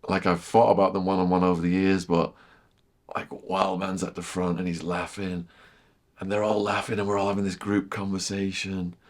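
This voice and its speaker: A middle-aged man telling a vivid story as a podcast guest, repeating phrases and sinking to a hushed near-whisper at tense moments. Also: sits low, little pitch movement, normal speed. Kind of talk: storytelling in casual chat.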